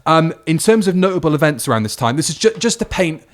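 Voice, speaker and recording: A man's voice: a little high, very animated, fast. A man co-hosting a podcast, chatting casually and reeling off researched facts in a review. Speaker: podcast co-host.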